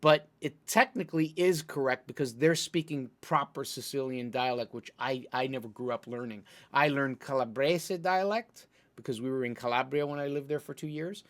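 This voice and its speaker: A man's voice: medium pitch, moderate pace, hardly any pauses. A man from Italy, streaming a game and chatting casually about his play and the menus. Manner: chatty, explains things at length while navigating menus. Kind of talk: gameplay commentary.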